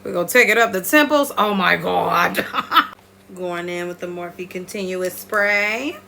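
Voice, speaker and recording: A beauty vlogger talks straight to her viewers as she walks them through a makeup routine, lively, playful and chatty. Her tone is bright and forceful, she's a little slow, and she lets out high squeals now and then. A faint hum sits beneath her voice.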